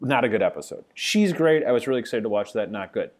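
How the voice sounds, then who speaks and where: A man's voice: medium pitch, fast. A man hosting a casual podcast, steering the talk with questions. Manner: animated, leading questions.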